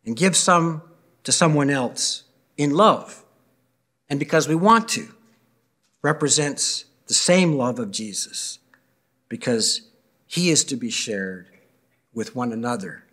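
A man, a pastor, reading scripture and giving a blessing in a measured, earnest way. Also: mid-range voice, animated, bright, forceful tone.

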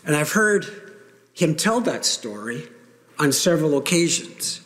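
Male pastor, slightly higher voice, emphatic sermon delivery, long church-hall reverb. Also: very animated, a bit bright. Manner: earnest, emphatic preaching with pauses. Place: church sanctuary.

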